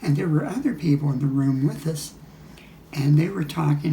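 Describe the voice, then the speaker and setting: A man's voice: on the high side, animated, moderate pace, mellow, slight background noise. An older man casually recounting travel memories, rambling with frequent restarts and chuckles. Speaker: storyteller. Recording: echoey room.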